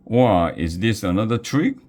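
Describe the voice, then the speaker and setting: A man's voice: on the low side, lively intonation, moderate pace, a little mellow, voice pushed up. A man voicing a frightened young boy. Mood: suspicious. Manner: anxious, pleading.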